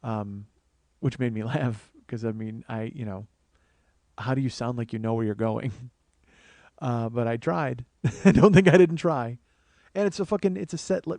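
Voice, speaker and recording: A man telling a long comic story on his show, swearing often, starting in low murmurs and building to excited, rising outbursts. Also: dry recording. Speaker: comedian and podcast host. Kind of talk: storytelling monologue.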